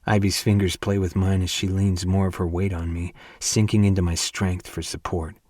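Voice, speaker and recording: Husky, low-voiced male audiobook narrator. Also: little pitch movement, moderate pace, a little mellow, dry recording, clean studio sound. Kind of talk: first-person romance audiobook narration.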